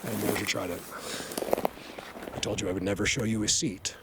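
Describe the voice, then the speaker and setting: A man vlogging casually while walking through a snowy forest, rambling and excitable, often laughing and dropping to a hushed voice. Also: on the low side, fairly quick, gravelly, very noisy. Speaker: vlogger, Bigfoot researcher. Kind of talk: casual hiking vlog.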